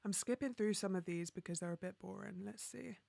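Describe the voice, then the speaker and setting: A London woman hosts a casual livestream, upbeat as she reads viewer comments, laughs often, and fills gaps with ums. Her medium-pitched voice is gravelly and dark in tone, with no echo.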